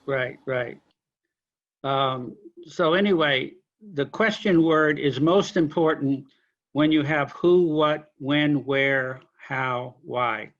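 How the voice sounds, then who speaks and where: A man lecturing a linguistics class, explaining question forms slowly with examples and apologizing for being unclear. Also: on the high side, lo-fi sound. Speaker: linguistics instructor.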